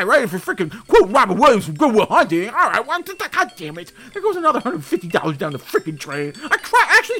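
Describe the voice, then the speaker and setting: A man's voice: very high voice, sharp tone. A man hosting a comedic podcast, ranting in exasperation and swearing often. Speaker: podcast host. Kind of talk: comedic solo podcast monologue.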